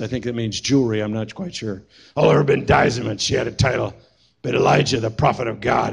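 A man's voice: medium pitch, brisk, creaky, slightly rough. A man preaching a sermon as pastor, telling stories with humorous asides. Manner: storytelling, humorous, animated asides.

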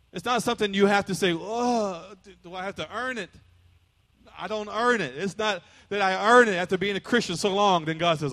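A man with a high voice preaching a sermon to his congregation. He swings between loud emphatic declarations and quieter explanation, pulling listeners in with call-and-response. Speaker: pastor.

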